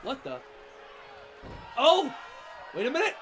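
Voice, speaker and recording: A man doing biased, shouting play-by-play commentary at a wrestling show, swearing and cheering on his favorites. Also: very high voice, measured pace. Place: wrestling arena with live crowd. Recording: loud crowd and arena noise.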